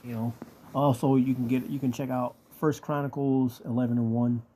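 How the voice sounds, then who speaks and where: Husky, mellow Bible teacher man. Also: medium pitch, level tone, moderate pace. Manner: conversational, keeps checking in with "right?". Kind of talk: informal scripture teaching.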